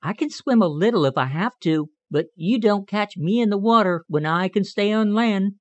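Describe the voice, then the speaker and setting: A man voicing a curious, proud young male cottontail rabbit in an audiobook, quick to protest. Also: high-pitched, animated, no echo, lo-fi sound, voice pushed up. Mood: indignant. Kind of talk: audiobook character reading.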